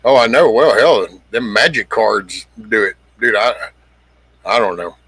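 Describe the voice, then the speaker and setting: A man's voice: fairly low pitch, expressive, a little slow, a bit bright, slightly rough, no room sound. A middle-aged man hosting a casual livestream, rambling bluntly, swearing freely and greeting viewers by name. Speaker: livestream host. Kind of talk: casual livestream chat reading comments.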